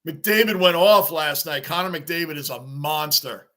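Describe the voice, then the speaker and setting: A man hosting a live sports reaction stream, excitable and rambling as he answers viewers' chat. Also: on the high side, measured pace. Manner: excitable, talks back to chat comments, rambling.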